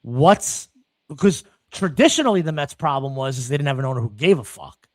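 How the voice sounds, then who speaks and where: A man's voice: medium pitch, expressive, a little fast, no echo. A man co-hosting a casual podcast, ranting comically and swearing constantly. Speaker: podcast co-host.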